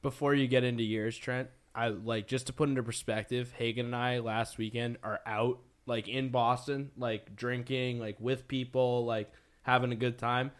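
Excitable young man co-hosting a sports podcast. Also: mid-range voice, moderate pace, clear, resonant tone. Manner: loose, excitable, lots of "like". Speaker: podcast co-host. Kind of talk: casual chat.

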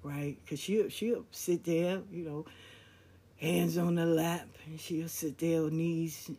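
A podcast host telling a family story in a relaxed, conversational, slangy way. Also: medium pitch, slow, husky. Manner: conversational, relaxed, slangy, with lively quoted dialogue. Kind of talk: casual storytelling monologue.

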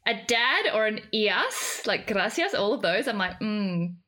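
A woman's voice: a little high, moderate pace. A young woman hosting a podcast interview, chatting casually and laughing often. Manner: giggly, excitable, laughs often. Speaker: podcast host.

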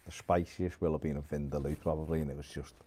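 A man's voice: a bass voice, steady tone, quick pace, dark tone. A man co-hosting a casual live chat, reading out viewer comments in an offhand way. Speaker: co-host.

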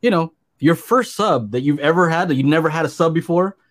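Man, podcast co-host, casual chat, easygoing, teasing, somewhat high pitch. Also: brisk.

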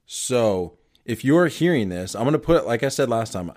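A man's voice: mid-range voice, lively intonation, moderate pace, darkish tone. A young man co-hosting a casual sports podcast, loose and joking, often breaking into laughter. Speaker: podcast co-host.

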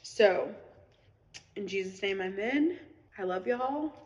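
A woman's voice: mid-range voice, steady tone, normal speed, long reverb tail. Tearful woman on a dull livestream. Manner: rambling, earnest, preachy. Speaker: online seller on a live video. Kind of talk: emotional livestream monologue. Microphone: phone.

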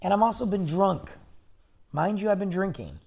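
A man with a husky, slightly rough voice spins a casual story for his podcast. His pitch swings up and down as he gets caught up in the telling, and he rambles along with ums and restarts. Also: normal speed, dull audio. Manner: rambling, animated anecdote-telling with fillers. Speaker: podcast host.

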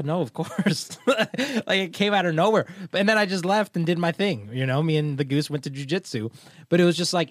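Lively young man, dry close sound. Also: fairly high pitch, no room sound. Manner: animated, laughs often, says bro. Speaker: podcast co-host. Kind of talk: casual podcast chat.

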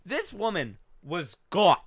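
A man co-hosting a podcast, telling a story in casual chat, going from loud outbursts to hushed asides. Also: sits high, takes it slowly, dry recording. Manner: animated storytelling, swings from shouting to hushed. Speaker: podcast co-host.

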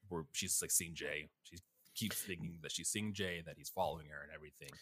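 A man's voice: low-pitched, brisk, husky. A man casually walking friends through the story of a game, explaining scene by scene. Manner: plot-recap narration, steady and explanatory. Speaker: podcast co-host discussing a game. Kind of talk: casual chat.

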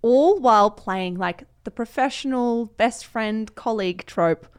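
A woman's voice: a little high, a little slow, clean tone. A woman co-hosting a podcast in casual, bubbly chat, laughing often. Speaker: podcast co-host.

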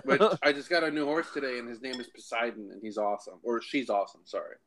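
A man's voice: mid-range voice, fast talker. A man co-hosting a casual podcast, telling a game story and acting out the characters' lines. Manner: animated, acts out characters' lines in raised voices. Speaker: podcast co-host.

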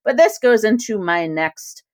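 A woman who is a former cohost back as a guest, chatting animatedly about a TV series, laughing often and slipping into slow mock voices. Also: medium pitch, expressive, no room sound, clean studio sound. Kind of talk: casual podcast chat reviewing a TV series.

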